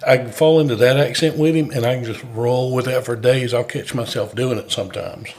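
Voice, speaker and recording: Gravelly joking comedian man. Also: medium pitch, steady tone, brisk, darkish tone. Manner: joking, easygoing. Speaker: stand-up comedian host. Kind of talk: casual chat.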